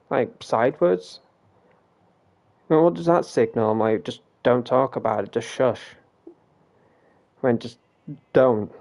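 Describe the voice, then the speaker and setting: A man's voice: mid-range voice, darkish tone. A man casually telling a ghost story during a game stream, rambling, swearing freely and acting out what people said. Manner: rambling, swears freely, retells quoted dialogue.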